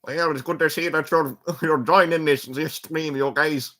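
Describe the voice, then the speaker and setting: A man's voice: a little high, steady tone, normal speed, bright, forceful tone, voice pushed up. A young man voicing a grumpy, shaggy male hand puppet in a put-on Scottish accent, greeting people heartily. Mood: hearty.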